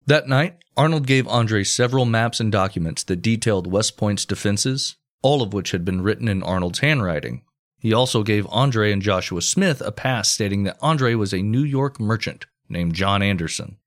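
A man with a fairly low voice reads out a historical account in a relaxed, conversational way. He keeps stopping for crude, offhand jokes with his co-host. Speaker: podcast co-host narrating history. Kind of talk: casual history storytelling with banter.

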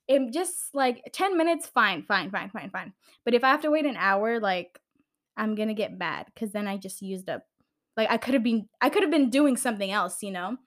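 A woman's voice: fairly high pitch, a bit bright. A young woman hosting her own podcast, talking casually and bluntly, exasperated and swearing freely as she rants. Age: young adult. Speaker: podcast host.

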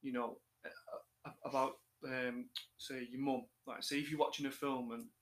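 A man's voice: medium pitch, level tone, normal speed, fairly bright tone. A man hosting a casual podcast, asking questions hesitantly with many fillers and repeated words. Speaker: podcast host.

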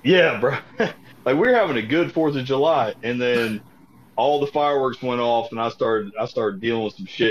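A man's voice: mid-range voice, normal speed. A young man, swapping profane stories as a podcast co-host, laughing easily. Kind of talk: casual chat. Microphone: earpiece headset mic. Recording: dull lo-fi sound.

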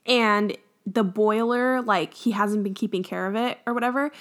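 In casual podcast chat, a young female co-host giggles and uses many fillers. She speaks at a moderate pace in a medium-pitched, fairly bright voice with fairly even intonation.

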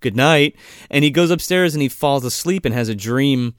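A man's voice: medium pitch, fairly quick, clear, resonant tone, dry recording, clean studio sound. A man co-hosting a casual movie recap chat. He swears a lot and acts out the scenes in voices.

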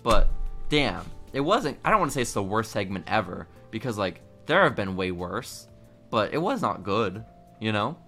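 A man's voice: lowish voice, very animated, normal speed, vocal fry, sharp tone, soft background music. A man co-hosting a casual wrestling podcast, teasing his co-host and mocking promos with put-on voices.

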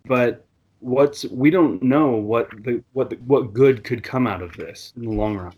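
A man's voice: mid-range voice, a little slow, husky, highs cut off. A man talking casually and reflectively in a scripture discussion, rambling a little and restarting his sentences. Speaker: scripture study discussion participant.

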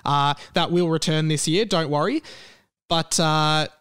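A man's voice: fairly high pitch, a little slow, fairly bright tone, smooth, no room sound. Rambling young Australian man hosting a podcast. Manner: rambling and self-correcting, with many fillers. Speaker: podcast host. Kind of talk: casual solo podcast chat. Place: bedroom in a share house.

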